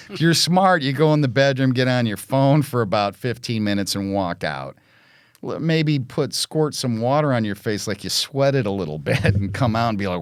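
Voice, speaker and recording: The middle-aged host of a podcast chats casually, bluntly and with plenty of profanity, acting out parent and child voices in animated stories. His mid-range voice comes through clean studio sound with no room reverb.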